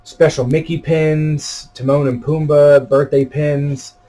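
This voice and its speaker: A man's voice: a little high, level tone, slow, mellow. A man in his thirties vlogging in a casual, rambling way, with plenty of fillers and restarts. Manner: rambling, easygoing, many fillers. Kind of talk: casual chat to camera.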